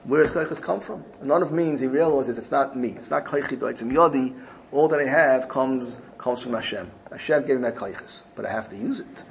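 Gravelly man giving an emphatic sermon. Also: medium pitch, slight background noise, low-quality recording. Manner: emphatic, repeats and restates phrases. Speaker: Torah teacher. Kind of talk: sermon-style Torah lesson with storytelling.

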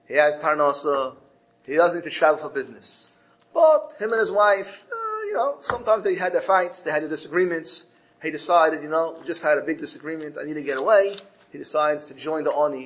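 A man with a fairly high voice teaches a Torah lesson. He tells a parable in a storytelling way and lifts his voice when he quotes the characters. He often repeats words and restarts phrases as he goes. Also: a bit bright, poor audio.

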